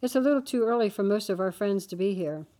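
A woman reading the part of a pushy teenage boy who wheedles in a lowered voice in a children's story. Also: fast, lightly acted. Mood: wheedling. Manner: wheedling, hushed.

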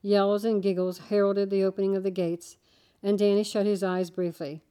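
A woman reading a children's story aloud, with steady, gentle storytelling. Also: medium pitch, normal speed, clear, resonant tone. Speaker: narrator.

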